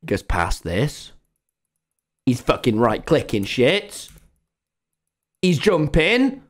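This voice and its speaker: A man streaming a game live, talking to viewers and ranting excitedly at the screen. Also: mid-range voice, slow pace. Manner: excitable, exasperated, swears and rants at the screen. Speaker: gaming streamer.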